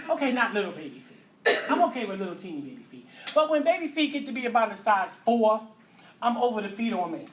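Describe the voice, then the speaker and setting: A middle-aged woman teaching a physical therapy class, lively and joking, acting out little voices and asides as she lectures. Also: mid-range voice. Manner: animated, acts out voices and asides, laughs often. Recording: faint background noise.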